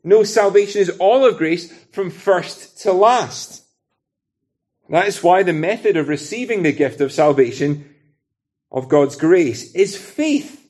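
Earnest British preacher, higher voice. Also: male voice, a little mellow. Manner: earnest, conversational preaching with illustrations. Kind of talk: sermon.

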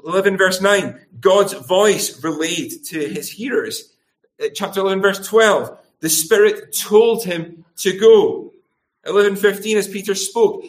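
A middle-aged man preaching a sermon, asking the congregation rhetorical tag questions and acting out quoted speech. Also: high-pitched. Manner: acts out quoted speech in changing voices.

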